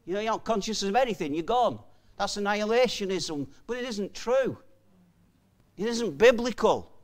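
A male preacher with a notably high voice delivers an earnest, emphatic sermon. His pitch rises and falls a great deal as he presses each point home. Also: expressive, moderate pace.

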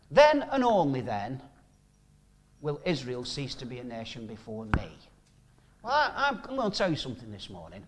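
Lively-voiced man preaching a sermon. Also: a little high, normal speed. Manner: reads scripture aloud then explains it in plain casual speech.

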